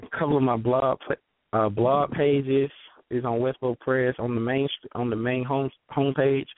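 A man from Georgia with a Southern accent, a guest author chatting in a halting, rambling way with many fillers, heard over a phone line. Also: mid-range voice, level tone, no room sound. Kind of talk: casual call-in chat.

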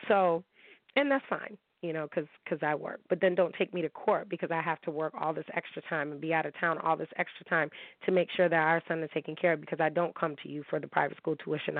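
A woman's voice: low voice, no echo. Heated woman host venting to her listeners, tinny phone-line sound, dry and close. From upstate New York. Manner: candid, heated, rhetorical questions to listeners. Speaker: podcast host. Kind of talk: emotional personal monologue to listeners. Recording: thin phone-like dry recording.

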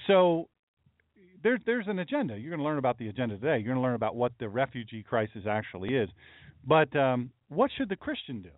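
A man's voice: mid-range voice, big pitch swings, fast, dry recording. A middle-aged man, a pastor, chatting casually on a livestream with folksy, rambling asides to his chat. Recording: dry, phone-like lo-fi audio.

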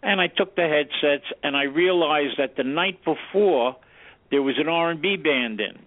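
An older man, a guest sound engineer, telling an animated anecdote and acting out the lines he quotes. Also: a little high, moderate pace, dry recording. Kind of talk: storytelling anecdote. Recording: tinny phone line, dry.

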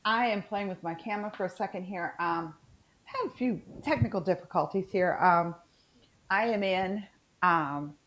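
A woman's voice: on the low side, normal speed, fairly bright tone, lo-fi sound, a little hiss or hum. A woman from West Virginia with a Southern Appalachian accent, chatting casually and rambling with lots of fillers on a video call podcast. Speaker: podcast co-host. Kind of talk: casual chat.

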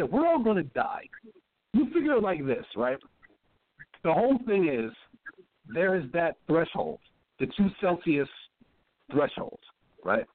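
A man's voice: on the high side, dry recording. A man co-hosting a casual political chat podcast, explaining his points with stammering restarts. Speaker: podcast co-host. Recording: tinny phone-like sound.

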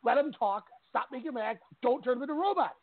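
A man's voice: very high-pitched, lively intonation, quick pace, dry recording. A man co-hosting a sports radio show, giving strong opinions on wrestling and laughing easily. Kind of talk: casual wrestling talk. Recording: tinny phone-line sound.

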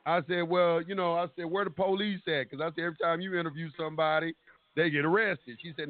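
High-voiced man telling a story over the phone. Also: quick pace, no room sound. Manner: animated storytelling, acting out quotes, swearing. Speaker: caller. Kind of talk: call-in radio storytelling. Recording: tinny phone line, dry.

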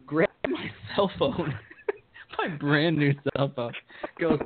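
A man co-hosting a podcast, telling a wild story with lots of swearing and shouted quotes. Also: a little high, big pitch swings, a little slow. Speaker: podcast co-host. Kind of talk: casual storytelling chat. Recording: tinny phone-like sound.

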